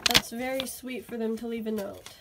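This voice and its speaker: A woman vlogger unboxing a toy haul, gushing and excitable, often exclaiming over how cute things are. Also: fairly high pitch, normal speed, creaky, very noisy. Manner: gushing, excitable, many "oh my goodness".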